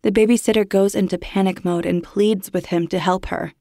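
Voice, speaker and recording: A woman narrating a horror story in a measured, hushed, suspenseful way. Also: medium pitch, steady tone, no echo, studio quality.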